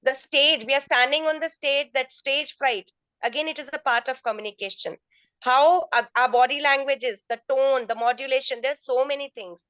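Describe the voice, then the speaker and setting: A woman's voice: high voice, normal speed, fairly bright tone, no room sound, poor audio. A woman answering teachers' questions in an online training session, explaining step by step and often restarting her phrases. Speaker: resource person, teacher trainer. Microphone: video call.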